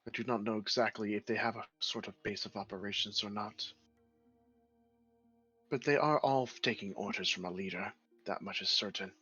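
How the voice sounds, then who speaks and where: A man voicing a calm, wise female dryad who speaks in a measured, solemn way. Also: fairly low pitch, slightly rough, muffled recording.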